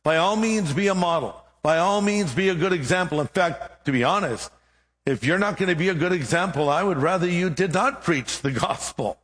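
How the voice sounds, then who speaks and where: A man's voice: sits high, moderate pace, fairly bright tone, in a large hall. A middle-aged man, a pastor, preaching a sermon and telling a humorous story with acted-out dialogue.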